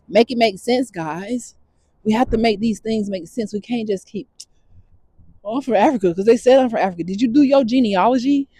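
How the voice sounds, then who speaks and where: A woman speaks straight to her camera in a casual, emphatic rant that circles back to the same points. Her voice is dark and slightly husky. The sound is dry and close, with no room echo. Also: medium pitch. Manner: blunt, emphatic, repeats points. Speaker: vlogger.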